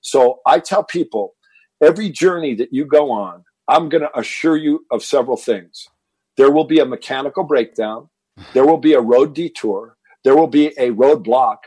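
A man's voice: mid-range voice, moderate pace, slightly rough, no room sound. A man in his fifties from Texas, a fitness entrepreneur, telling stories in an interview and stumbling over repeated words. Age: 50s. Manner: animated storyteller, repeats words when excited. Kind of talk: interview storytelling.

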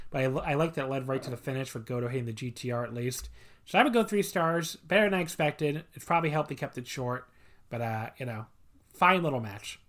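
A man's voice: medium pitch, fairly bright tone. Blunt, opinionated man on a podcast. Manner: blunt, opinionated, swears freely. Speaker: podcast co-host. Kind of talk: casual podcast chat reviewing wrestling matches.

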